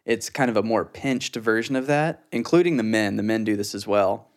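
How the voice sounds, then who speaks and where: A man's voice: fairly low pitch, moderate pace. A young man from Southeast Texas co-hosting a casual chat, easygoing and asking questions. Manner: easygoing, asks questions, mimics family. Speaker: podcast co-host.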